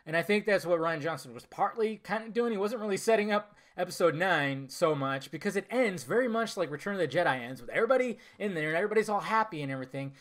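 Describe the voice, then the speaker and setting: Man, casual film review, enthusiastic, rambling, fillers and restarts, somewhat high voice. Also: lively intonation, fast, hardly any pauses, a bit bright. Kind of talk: casual spoken movie review.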